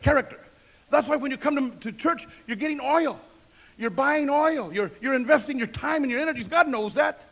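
A man's voice: very high-pitched, normal speed, creaky, a bit bright. A male pastor preaching a sermon, emphatic and repetitive, asking the congregation questions and answering them himself.

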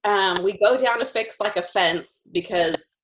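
A woman telling a ranch story in casual chat, animated and laughing often. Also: mid-range voice, a little slow, slight background noise.

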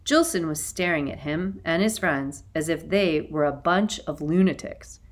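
A woman reading a children's novel aloud as an audiobook narrator, in an expressive storytelling manner. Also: deep voice, a little slow. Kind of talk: scripted narration.

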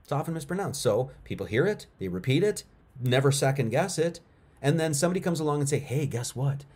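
A middle-aged man with a slightly higher voice runs a casual livestream monologue. He talks straight to his viewers, leaning on emphasis and repeating words over and over to drive his points home. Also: lively intonation, fast, darkish tone, slightly rough. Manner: emphatic and repetitive, talks to chat. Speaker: livestream host.

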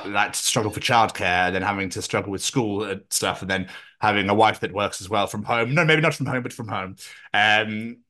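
A man's voice: lowish voice, sharp tone. A man co-hosting a podcast in casual chat, playful and teasing, often slipping into mock-posh voices. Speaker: podcast co-host.

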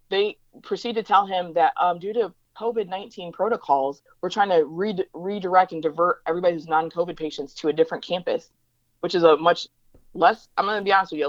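A woman talks fast and emphatically as an interview guest, slipping into the voices of people she quotes. Her voice sits somewhat low. The recording is dry and a bit dull and lo-fi. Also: dry recording. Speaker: interview guest, diversity educator. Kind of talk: conversational interview storytelling.

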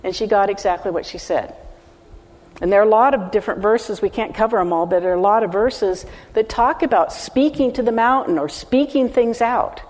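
In a long-reverberating hall, an older woman gives a teaching sermon to the congregation in front of her. She is earnest, emphatic and brisk, and her voice sits at a middle pitch for a woman with a slightly mellow tone.

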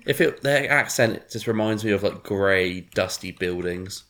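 A man's voice: on the low side, measured pace, fairly bright tone. A man co-hosting a casual podcast, blunt and joking. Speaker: podcast co-host. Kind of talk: casual chat.

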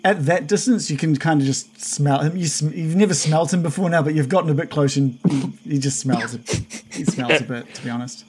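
A man running a tabletop game as game master, narrating in a halting way with many fillers and restarts. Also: a little high, a little mellow, slight background noise.

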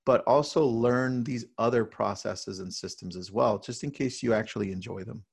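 A man who leads a real estate team, talking casually in an interview and telling energetic stories with frequent "right?" tags. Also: fairly low pitch, moderate pace, gravelly, slightly rough.

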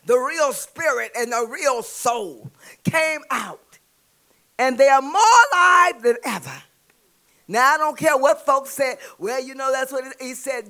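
A woman preaching a sermon with a Southern US accent, calling out to the congregation and building to shouts. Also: high-pitched. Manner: call-and-response preaching, rising to shouts.

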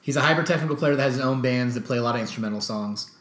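A man's voice: medium pitch, racing, a bit bright, echoey room. Joking man on a music podcast. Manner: joking, rambling. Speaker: podcast co-host. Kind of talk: casual music chat.

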